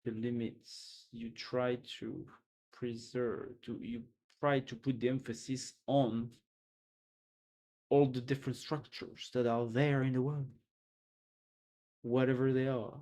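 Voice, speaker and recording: A man hosting a live stream, reading out dense technical notes at an ordinary middle pitch. He muses as he goes, restarting phrases and trailing off with offhand asides. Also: flat delivery, slow pace, mellow. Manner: thinks aloud, restarts, trails off with "or whatever". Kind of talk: casual live-stream commentary, reading aloud.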